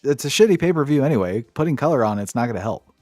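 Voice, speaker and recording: A man's voice: medium pitch, lively intonation, rapid-fire, a little mellow, dry recording, clean studio sound, soft background music. A man co-hosting a podcast, giving a sarcastic, profane play-by-play recap in casual chat. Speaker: podcast co-host.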